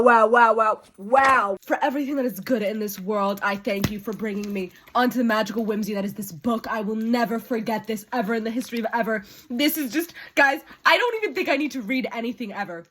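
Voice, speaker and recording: A young woman records a book vlog. Her voice sits a little high, and she gushes in exclamations. She swings between excited shrieks and low, breathy murmurs. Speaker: book vlogger.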